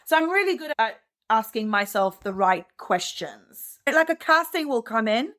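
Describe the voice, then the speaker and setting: A woman's voice: on the high side, big pitch swings, moderate pace, a bit bright. A woman in her thirties, a dancer, talking in a chatty, upbeat way as a guest in an interview, often saying "like". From France and the United States. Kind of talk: relaxed interview conversation.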